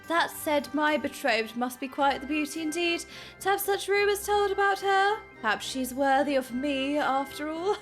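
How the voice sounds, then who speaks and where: Woman putting on a flamboyant gentleman inspector, vain, grandiose, fairly high. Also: animated, moderate pace, soft background music.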